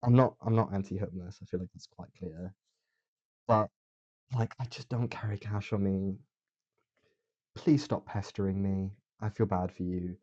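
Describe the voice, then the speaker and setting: A young man rambles through a casual solo podcast, sardonic and full of fillers. His voice sits low and husky. The recording sounds dull and lo-fi. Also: fairly even intonation, moderate pace, warm tone. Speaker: podcast host.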